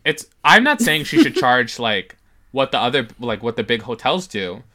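Super low-pitched woman, lively, bright tone, blunt cohost banter. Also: normal speed. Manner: blunt, teasing, swears casually. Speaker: podcast co-host. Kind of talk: casual chat.

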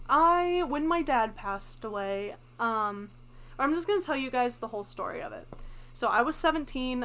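A woman's voice: a little high, bright, forceful tone. A young woman co-hosting a casual podcast chat, telling a story in a chatty way and laughing easily. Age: young adult. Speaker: podcast co-host.

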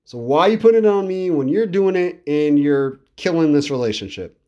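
A man's voice: a little high, expressive, fairly quick, dark tone, highs cut off. A man with a slightly raised voice talks casually as a podcast host. He rambles with enthusiasm and repeats words for emphasis, as in an easygoing music review monologue.

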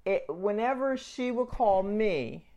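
A woman in relaxed chat with a friend, telling everyday stories and slipping into other people's voices as she quotes them. Her pitch sits in the middle for a woman. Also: takes it slowly, dull audio, slight background noise. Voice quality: animated storyteller acting out quoted voices. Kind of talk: casual chat.

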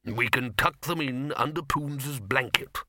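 A man reading an audiobook, voicing a weary, exasperated senior male wizard with a dry, deadpan delivery. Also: medium pitch, a little slow, dry recording.

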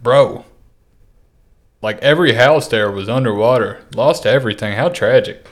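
A man's voice: mid-range voice, moderate pace. A young man with a Kentucky accent, co-hosting a casual podcast, laid-back, laughing often and swearing freely. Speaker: podcast co-host. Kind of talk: casual chat.

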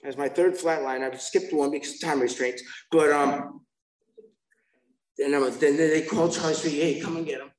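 A man's voice: fairly high pitch, fairly even intonation, measured pace, echoey room, low-quality recording. Man telling a rambling recovery story. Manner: rambling, self-mocking storytelling with asides to the audience. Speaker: speaker sharing a recovery story. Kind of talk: recovery meeting share.

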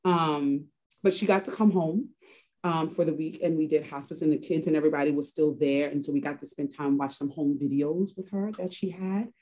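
Woman, from Harlem, interview guest, reflective storytelling, frequent restarts, lowish voice. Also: steady tone, fairly quick, warm tone. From Harlem, New York.

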